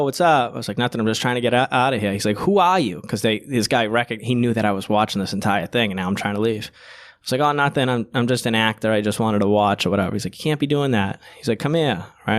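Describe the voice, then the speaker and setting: A young man from Boston, a podcast guest, telling a profane, animated story full of fillers in casual chat. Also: mid-range voice, fast talker.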